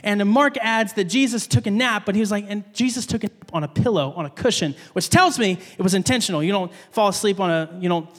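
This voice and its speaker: A man preaching a sermon as a pastor, telling a story with animated delivery and acting out voices, in a church. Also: high-pitched, quick pace, hardly any pauses. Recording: long reverb of a large hall.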